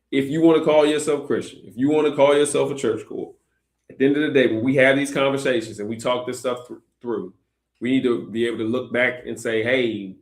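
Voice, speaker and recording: A man's voice: mid-range voice, echoey room. A man hosting a Christian discussion show, talking earnestly with many fillers and restarts. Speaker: host.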